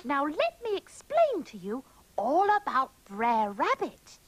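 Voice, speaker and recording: A woman's voice: sits high, huge pitch swings, slow, full character voice, low-quality recording. A woman voicing a chatty, bossy young female panda puppet who giggles and schemes. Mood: chirpy scheming. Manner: sing-song, giggly, scheming. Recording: hissy old VHS tape.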